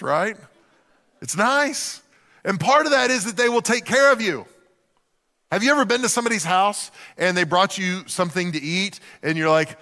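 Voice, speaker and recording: A middle-aged man preaching a sermon to a church, telling humorous, animated stories with acted-out asides. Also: on the high side, moderate pace, long reverb tail. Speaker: pastor.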